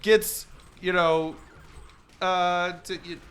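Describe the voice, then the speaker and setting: A man co-hosting, telling a rambling, profane story in casual chat over gameplay, full of "like" and loud acted-out quotes. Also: high voice, steady tone, drawn-out words, slight background noise. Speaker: co-host.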